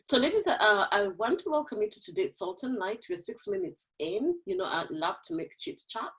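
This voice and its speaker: A woman's voice: medium pitch, big pitch swings, a little fast, poor audio. A woman hosting an online women's forum over a video call, chatty and laughing often. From Kenya. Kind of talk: casual chat on a video call.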